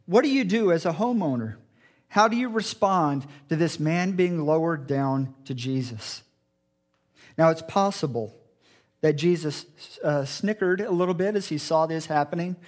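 High-voiced man preaching a sermon. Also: animated, moderate pace. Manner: earnest, acts out quoted voices in a low muttering tone. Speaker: pastor.

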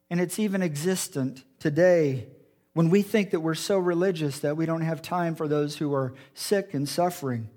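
High-voiced man preaching a sermon. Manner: earnest, acts out quoted voices in a low muttering tone. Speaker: pastor.

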